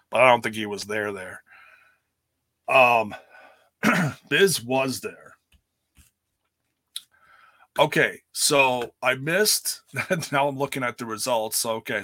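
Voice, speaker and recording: A man talks loosely and candidly, like he is thinking out loud while recapping a wrestling show. His voice has a bright, forward tone. The sound is dry and close, with little room around it. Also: medium pitch, dry recording. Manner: rambling, candid, swears casually. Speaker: wrestling commentator. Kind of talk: casual chat recap.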